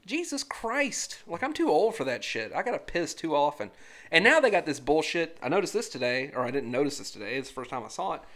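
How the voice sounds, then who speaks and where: A woman in her thirties tells stories in casual, profane podcast chat. Her pitch swings widely as she acts out other people's voices and rants. Her delivery is animated and loose. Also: fairly quick.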